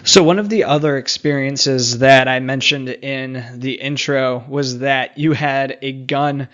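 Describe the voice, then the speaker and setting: A man's voice: medium pitch, fairly even intonation, measured pace, fairly bright tone. Male podcast host, plain questions, slightly muffled recording. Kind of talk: interview questions.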